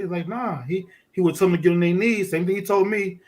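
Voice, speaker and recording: New man, a bit high-voiced, a guest spinning a gritty story with lots of energy. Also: fast talker. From Fort Greene, Brooklyn. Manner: animated, profane street storytelling. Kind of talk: casual storytelling.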